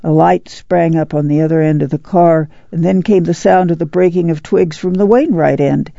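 A woman reading a novel aloud as audiobook narrator, steady and unhurried. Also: on the low side, creaky, no room sound, dull audio.

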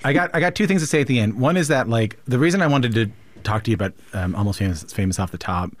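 A man's voice: mid-range voice, animated, fast talker. A man hosting an interview, reflecting aloud and often restarting his sentences. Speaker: interviewer, host. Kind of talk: conversational interview.

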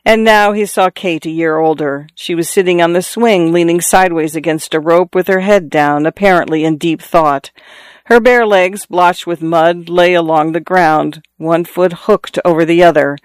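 A man reading a novel aloud as narrator, in a measured, even storytelling manner. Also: fairly high pitch, clean tone, no room sound. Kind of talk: scripted audiobook narration.

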